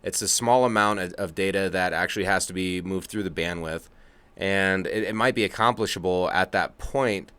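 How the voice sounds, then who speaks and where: Smooth, clear-voiced man chatting casually. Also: low-pitched, normal speed, fairly bright tone. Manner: laid-back, chuckling, rambling asides. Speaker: co-host. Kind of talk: casual podcast chat. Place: home studio, remote from co-host.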